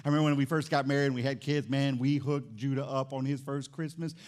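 A man's voice: medium pitch, fairly even intonation, fast talker, a little mellow. A middle-aged man preaching a sermon in church as pastor, emphatic and repeating his key phrases.

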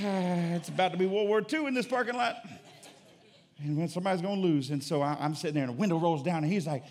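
A man's voice: on the high side, animated, fast talker, darkish tone. A middle-aged man preaching a sermon as pastor, telling stories and calling on the church for an amen. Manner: storytelling with call-and-response.

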